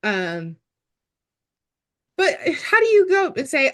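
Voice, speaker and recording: A woman's voice: high voice, sing-song, unhurried, long pauses, fairly bright tone. A young woman co-hosting a podcast, talking bluntly and with profanity, animatedly quoting characters. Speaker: podcast co-host. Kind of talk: casual chat about a movie.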